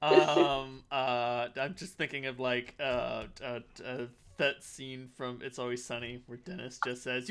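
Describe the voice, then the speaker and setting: Halting game master, voices all the nobles. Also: male voice, flat delivery, a bit bright, smooth. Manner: halting, many fillers and restarts, bursts into shrill voices for vampire nobles. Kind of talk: narrating a tabletop game.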